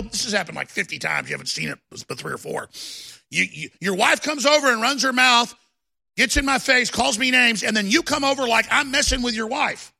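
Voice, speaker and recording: A man hosting a talk show, delivering a combative political rant that builds into shouting. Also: extremely high pitch, lively intonation, a little fast, vocal fry.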